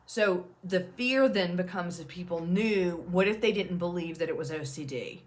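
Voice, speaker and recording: A woman's voice: lowish voice, normal speed. A woman in her thirties, an OCD peer support advocate, talking straight to her viewers in an earnest, reassuring and emphatic way. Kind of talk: direct-to-camera talk.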